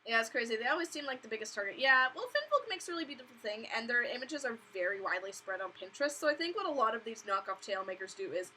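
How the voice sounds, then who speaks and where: A woman's voice: fairly high pitch, sing-song, fast, hardly any pauses, sharp tone, a little hiss or hum, poor audio. A young woman hosting a casual live stream from her bedroom, chatty and giggly, talking through her webcam mic. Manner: chatty, giggly, acts out voices of others in quotes.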